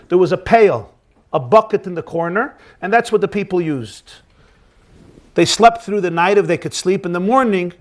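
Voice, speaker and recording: A rabbi telling a story as a sermon, animated, with his voice rising high for the acted quotes.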